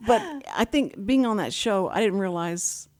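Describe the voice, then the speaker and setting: A middle-aged sign language interpreter tells stories in casual conversation, speaking at a normal speed with a medium-pitched voice. She's animated, laughing as she acts out the quoted voices.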